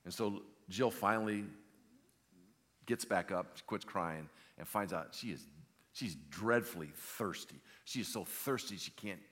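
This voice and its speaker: A man preaching a sermon, telling a story in an animated way and often repeating words. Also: on the low side, a little slow. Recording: long hall reverb.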